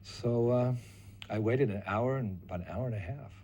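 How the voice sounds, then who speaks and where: An older man recounting a personal memory as a lively storyteller who acts out other people's lines. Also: medium pitch, normal speed, a little hiss or hum. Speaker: devotee recalling memories.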